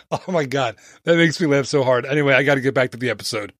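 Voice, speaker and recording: A man's voice: medium pitch, fast talker, a bit bright, no echo. A man hosting a travel podcast, talking casually and playfully with jokey asides and tangents, into a close mic.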